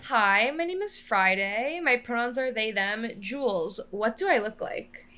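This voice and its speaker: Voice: medium pitch, expressive, measured pace, bright, forceful tone, soft background music. A young podcast co-host in casual chat, giving dry, short reactions and quips.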